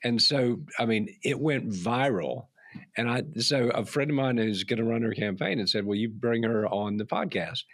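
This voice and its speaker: Friendly podcast host. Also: male voice, mid-range voice, normal speed, dry recording. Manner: friendly, rambling with restarts and laughs. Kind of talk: casual conversation.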